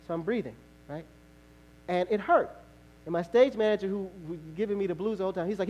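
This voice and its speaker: A male pastor preaching a sermon, telling a lively personal story, acting out the voices of others and laughing often. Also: high voice, rapid-fire, dull audio, slight background noise.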